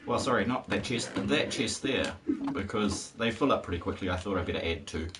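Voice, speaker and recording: A man's voice: lowish voice, animated, brisk, far from the mic. A man, chatting in a rambling, wry way as he streams a game. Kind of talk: casual live-stream commentary. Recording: voice a bit off-mic with faint hiss.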